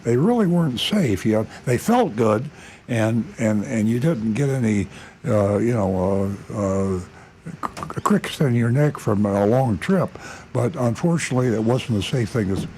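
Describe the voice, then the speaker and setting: Radio car panelist, man, mid voice, halting delivery. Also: medium pitch, expressive, darkish tone, a little hiss or hum. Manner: halting, many fillers. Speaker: auto expert. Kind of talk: radio call-in chat.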